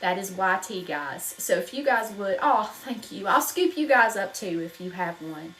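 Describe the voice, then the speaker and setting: A woman's voice: mid-range voice, lively intonation, moderate pace, fairly bright tone, a little hiss or hum, rough recording. A woman from North Carolina with a Southern accent, chatting casually while teaching wreath making on a live stream and greeting viewers by name. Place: home craft room.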